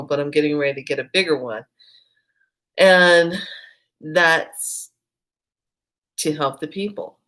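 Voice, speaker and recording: A woman giving a casual spiritual talk to camera, telling a story and quoting herself and others in lively bursts between slow, reflective stretches. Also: low voice. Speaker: spiritual vlogger.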